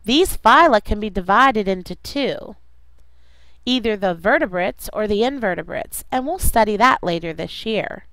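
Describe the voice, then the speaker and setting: A woman teacher giving a classroom science lecture, speaking deliberately and repeating key terms for students to write down. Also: medium pitch, lively intonation, a bit bright, no echo, low-quality recording.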